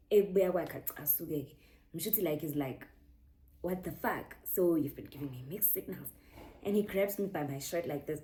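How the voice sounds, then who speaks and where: A woman's voice: on the low side, mellow. A young South African woman with a South African accent, telling a personal story in a casual vlog and slipping Zulu slang into her English. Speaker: YouTuber.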